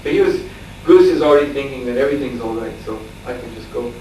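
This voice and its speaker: Male spiritual teacher, lively storyteller, captured from a distance in a very echoey room with faint noise behind. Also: mid-range voice, fast. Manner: animated storyteller, laughing, acting out shouts. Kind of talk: storytelling lecture.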